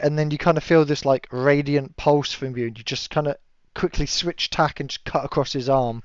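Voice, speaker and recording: A man running a tabletop game as game master, relaxed and chatty, laughing often and yelling enemies' cries in high voices. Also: moderate pace, hardly any pauses, smooth, dry recording. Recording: dull lo-fi stream audio, dry.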